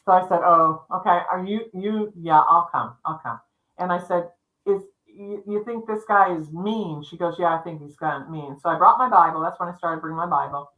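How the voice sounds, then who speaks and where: A woman's voice: lowish voice, normal speed, fairly bright tone, poor audio. A middle-aged woman telling a spooky personal story on a livestream, rambling with restarts and acting out what people said. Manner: rambling, with restarts and quoted dialogue. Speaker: psychic storyteller co-hosting a livestream. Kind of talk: casual spoken storytelling.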